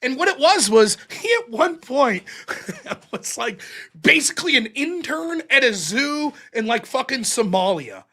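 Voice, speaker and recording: High-pitched, animated male call-in host. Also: measured pace. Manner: profane, animated storytelling with mocking quoted voices. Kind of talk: casual call-in chat.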